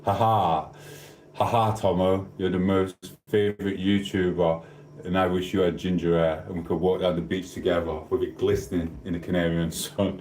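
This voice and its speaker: Man, South Yorkshire accent, live stream host, playful teasing chat, slightly deep voice, echoey room. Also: steady tone, moderate pace, darkish tone, slight background noise. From Sheffield, England. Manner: playful, teasing, reads chat comments aloud. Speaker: livestream host. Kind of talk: casual live chat with viewers.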